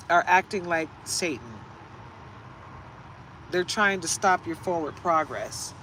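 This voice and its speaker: A woman's voice: on the low side, animated, slow, pauses often, fairly bright tone, slight background noise. Chatty woman giving a casual tarot reading. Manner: chatty, laughing, rambling asides. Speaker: tarot reader. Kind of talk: casual live reading chat.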